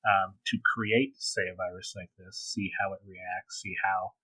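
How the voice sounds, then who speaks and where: A man's voice: sits low, flat delivery, a little slow, bright, forceful tone, husky, no room sound, low-quality recording. A man co-hosting a podcast in casual chat, rambling and hesitating with many ums. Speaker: podcast co-host.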